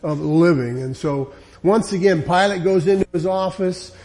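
A man's voice: sits high, moderate pace, darkish tone. A man preaching a sermon in an emphatic, conversational way, repeating his points and often saying "you know".

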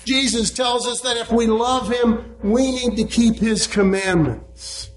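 A man delivers a sermon in a high voice, taking his time over each phrase. He leans on key words with emphatic weight and cites chapter and verse as he goes. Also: faint music behind, poor audio. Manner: slow, emphatic preaching, quoting scripture references. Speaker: preacher.

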